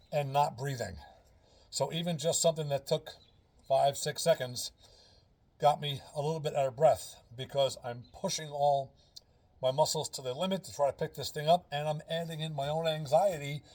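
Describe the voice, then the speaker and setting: Husky-voiced man explaining earnestly. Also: on the high side, darkish tone. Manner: earnest, explains step by step, repeats key phrases. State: out of breath. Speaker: fitness and breathing instructor. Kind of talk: casual instructional vlog.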